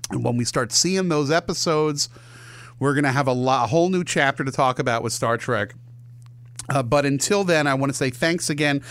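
A man's voice: medium pitch, normal speed, a bit bright, dry recording. A man hosting a podcast, chatting enthusiastically and rambling with restarts. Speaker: podcast host. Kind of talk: casual chat.

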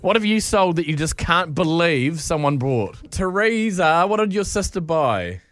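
A man with a New Zealand accent hosting breakfast radio with brisk, jokey banter. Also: on the high side, sing-song, a bit bright, dry recording. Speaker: radio host.

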